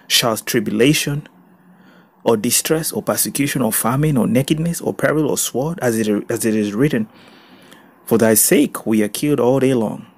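A male pastor preaching a sermon and reading scripture, swinging between soft reading and loud emphatic exclaiming. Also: mid-range voice.

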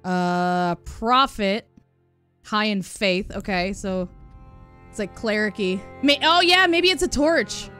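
A woman streaming a video game live, excitable and giggly as she thinks aloud. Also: mid-range voice, slow. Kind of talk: live gaming stream chat. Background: game music.

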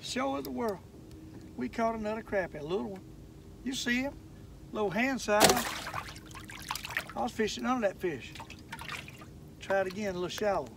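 A man's voice: high-pitched, normal speed, gravelly, pauses often. Folksy older man fishing on a lake. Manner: folksy, excitable, talks straight to viewers. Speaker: fishing channel host. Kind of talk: casual fishing vlog narration. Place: outdoors on a boat on a lake. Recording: outdoor boat noise, mic at a distance.

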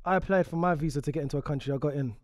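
Male panelist, high and quick, boastful, busy room. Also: crowd noise. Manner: boastful, joking. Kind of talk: casual panel banter.

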